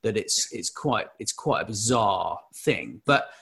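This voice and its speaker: A man's voice: lowish voice, unhurried, vocal fry. A man hosting a casual business chat, telling an anecdote with lots of restarts and repeated words. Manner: animated storyteller, many restarts and repeats.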